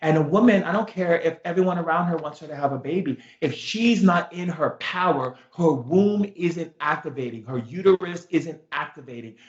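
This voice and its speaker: A man teaching through a story, animated and emphatic, repeating himself and leaning on fillers. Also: fairly high pitch, moderate pace, few pauses. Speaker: spiritual teacher, show host. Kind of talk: storytelling lesson. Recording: echoey room, dull sound.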